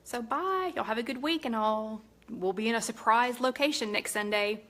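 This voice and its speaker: A woman's voice: on the high side, normal speed, fairly bright tone. Chatty middle-aged woman. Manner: chatty, rambling, many fillers and self-corrections. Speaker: host of a live cooking chat. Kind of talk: casual live-stream chat.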